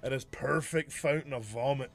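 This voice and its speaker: A man's voice: mid-range voice, normal speed, creaky. Man, casual podcast storyteller, profane, laughs mid-sentence. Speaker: podcast co-host telling a story.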